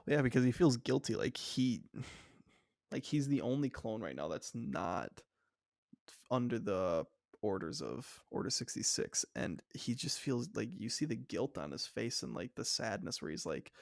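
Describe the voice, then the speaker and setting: A man's voice: medium pitch, animated, a little slow, gravelly, no echo, clean studio sound. A young man co-hosting a podcast in casual fan discussion, talking enthusiastically and rambling with lots of "like" fillers. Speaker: podcast co-host.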